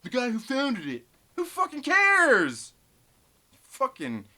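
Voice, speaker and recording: A man with a bright, forward voice rants through a live stream, cursing constantly as he reads chat messages aloud. He jumps from loud outbursts to low muttering. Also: wildly swooping pitch, slow. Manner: swearing, ranting, heated. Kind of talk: profane live stream rant, reading chat.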